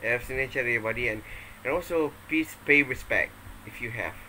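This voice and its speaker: A man's voice: medium pitch, a little fast, pushed and bright, slight background noise, rough recording. A man vlogging from home, rambling playfully and hesitantly, often restarting his sentences. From Malaysia. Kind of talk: casual rambling vlog.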